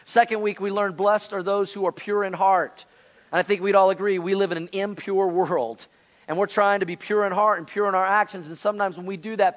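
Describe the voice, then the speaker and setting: High-voiced man preaching a sermon. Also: fairly even intonation, brisk. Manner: earnest, conversational preaching with quoted voices. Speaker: pastor. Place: church sanctuary.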